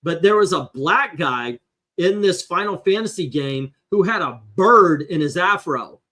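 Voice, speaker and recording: Middle-aged male host, slightly high and bright, animated storyteller. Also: unhurried. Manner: animated storyteller, voices impressions. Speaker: comic book channel host. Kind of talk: casual panel chat.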